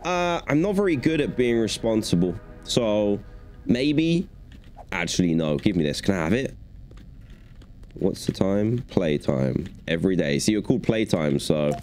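Young man, gaming commentary, playful and chatty, lively swooping pitch, slightly low voice, faint music behind. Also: unhurried. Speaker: gaming YouTuber.

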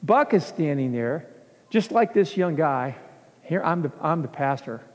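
A man preaching as pastor, telling a story in an animated way and acting out the scenes in a church. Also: fairly high pitch, a little slow. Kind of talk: sermon storytelling. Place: church sanctuary. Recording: long church hall reverb.

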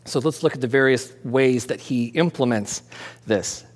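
A man preaching an expository sermon as pastor, conversational and animated, asking and answering his own questions and dropping jokey asides. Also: medium pitch, moderate pace. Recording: long hall reverb.

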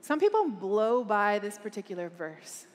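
A woman's voice: medium pitch, sing-song, moderate pace, big-room sound. A woman speaking at a conference, preaching with earnest emphasis and asking the crowd questions. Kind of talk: preaching a talk. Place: large conference hall.

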